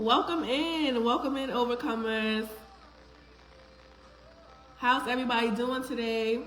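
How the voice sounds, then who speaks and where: A woman's voice: a little high, steady tone, measured pace, long pauses. Upbeat woman hosting a live stream, roomy. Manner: warm, affectionate, greets viewers by name. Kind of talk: casual live-stream chat greeting viewers. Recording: echoey room with faint background noise.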